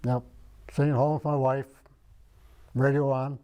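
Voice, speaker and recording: A man's voice: medium pitch, little pitch movement, measured pace, dark tone, smooth. An older man from Michigan, an interviewee in an oral history interview, rambling and searching his memory aloud. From Michigan, United States. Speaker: veteran interviewee.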